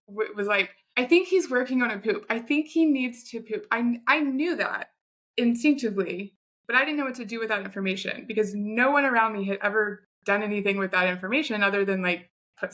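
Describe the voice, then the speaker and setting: A woman in her thirties with a bright, forceful voice. She talks in an animated, chatty way, like a guest sharing her own story on a podcast. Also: mid-range voice. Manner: chatty, animated retelling with quoted asides. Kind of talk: conversational storytelling.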